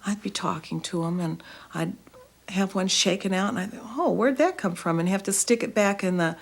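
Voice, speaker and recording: A woman's voice: mid-range voice, moderate pace, vocal fry. A woman and former smoker, talking thoughtfully in a documentary interview.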